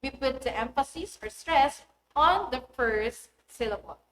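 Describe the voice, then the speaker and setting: A woman teaches in an unhurried, deliberate way, sounding out example words one at a time with clear stress. Her voice sits high, and the recording carries a roomy echo. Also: lively intonation, fairly bright tone, a little hiss or hum. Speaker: English teacher. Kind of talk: recorded classroom lesson.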